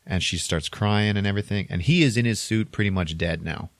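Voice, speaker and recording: A man's voice: on the low side, brisk, no room sound. A man co-hosting a podcast, casually retelling a film plot in a rambling way, chuckling between lines and saying "like" a lot. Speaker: podcast co-host.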